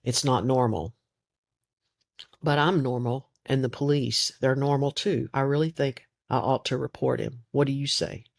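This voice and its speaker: A man's voice: mid-range voice, fairly even intonation, moderate pace, vocal fry. A man reading the lines of a hostile, bullying drunken village man in an audiobook. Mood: sneering. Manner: sneering, bullying.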